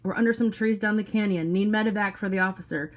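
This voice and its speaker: A woman reading the lines of a large, gruff male police officer in a low, matter-of-fact voice. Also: fast talker, lightly acted.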